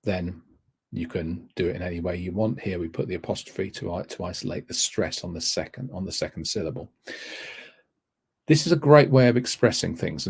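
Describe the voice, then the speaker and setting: Man, tutor in a webinar, very husky voice, lowish pitch, rambling with restarts. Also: darkish tone. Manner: rambling, self-correcting, restarts often. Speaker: TEFL course tutor. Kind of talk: webinar lecture.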